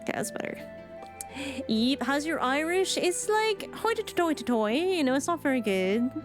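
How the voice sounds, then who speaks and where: Woman game streamer, fairly high voice, chatty, playful, rambling, faint music behind. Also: lively intonation, moderate pace. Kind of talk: casual let's-play commentary.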